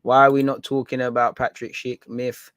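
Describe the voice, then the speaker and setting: A man's voice: mid-range voice, flat delivery, normal speed, fairly bright tone, clear, resonant tone, no room sound, dull audio. A man hosting a fan live stream, chatting casually in slang and reading out viewer comments. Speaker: fan channel host.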